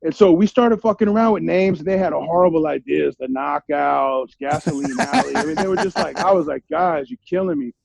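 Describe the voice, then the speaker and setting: A man's voice: on the high side, a little fast, creaky, few pauses, crowd noise, rough recording. A middle-aged man telling candid stories as an interview guest, in street slang with plenty of swearing and repeated "you feel me?". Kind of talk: candid storytelling.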